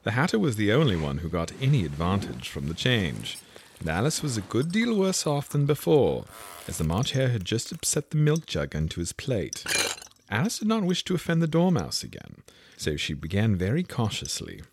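A man narrating a storybook reading in an expressive, playful way. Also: lowish voice, moderate pace, gravelly, a little hiss or hum. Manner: expressive, playful, voices each figure.

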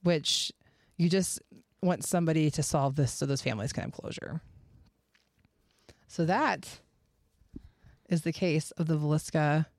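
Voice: mid-range voice, measured pace, pauses often, no echo. A podcast host in casual true-crime chat, rambling with fillers and restarts on a close mic.

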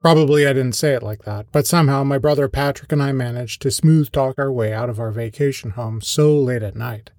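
A man narrates his own story in a wry, understated voice of ordinary pitch. The sound is close and dry, with no room around it. He sounds scripted but relaxed, like a podcast host reading aloud. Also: brisk, few pauses, dry recording, faint music behind. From American Midwest. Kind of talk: scripted first-person storytelling.

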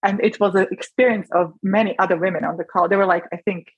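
A woman's voice: mid-range voice, steady tone, fast talker, breathy edge, dry recording, rough recording. A woman, a doctor guest in an interview, talking earnestly and with feeling, often restarting her sentences. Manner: earnest, emotional, many restarts. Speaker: rheumatologist guest. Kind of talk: conversational interview.

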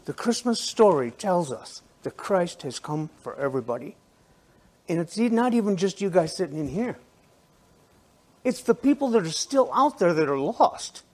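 A man preaching to a biker church congregation, conversational and animated, with restarts and asides. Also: high voice. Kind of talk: sermon.

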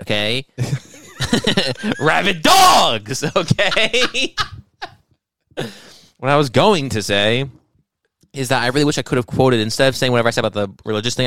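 A man's voice: medium pitch, smooth, no echo. A young man co-hosting a podcast, teasing and swearing, laughing often in casual banter. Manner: teasing, profane, laughs a lot. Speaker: podcast co-host.

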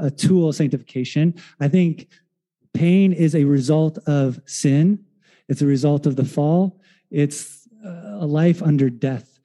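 A man preaching a sermon in a relaxed, conversational storytelling way, with fillers and restarts, who acts out the voices of the people in his story. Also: a little high. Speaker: pastor.

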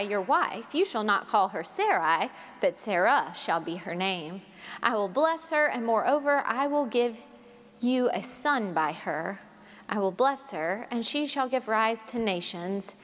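A woman preacher reading scripture and giving a sermon in a measured, expressive storytelling manner. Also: mid-range voice. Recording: long reverb of a large hall.

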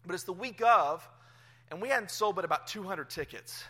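A pastor in his thirties, his voice sitting high and animated at a normal pace, preaches a sermon in a church sanctuary. He tells a personal story, swinging from hushed tones to loud ones.

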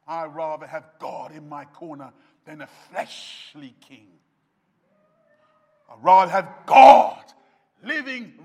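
Male preacher, high bright voice, slow delivery, dramatic loud-to-soft swings, long hall reverb. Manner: dramatic swings from shouts to near-whispers. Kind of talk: sermon.

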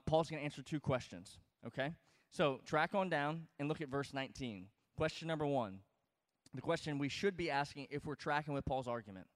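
Emphatic man preaching, slightly high voice. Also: long reverb tail. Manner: emphatic, conversational, with frequent check-ins to listeners. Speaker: pastor teaching a Bible study. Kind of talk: expository sermon.

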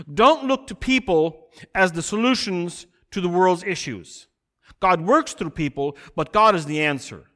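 High, bright-voiced preaching man. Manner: earnest preaching, swelling louder on key phrases and slowing for emphasis. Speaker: pastor. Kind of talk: sermon.

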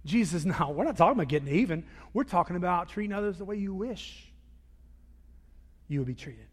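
High-voiced pastor preaching in a reverberant hall. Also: male voice, lively intonation, brisk. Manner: dynamic, swings from loud emphasis to quiet asides. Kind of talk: sermon. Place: church sanctuary. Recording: long reverb of a large hall.

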